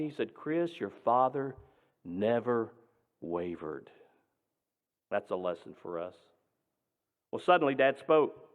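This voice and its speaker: A male pastor tells a story from the pulpit, emphatic and dramatic, his voice swinging between loud and hushed. The voice sits in a middle range. The sound is thin and phone-like, with a long echo. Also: medium pitch. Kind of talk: storytelling sermon. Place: synagogue sanctuary. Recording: tinny, echoing hall.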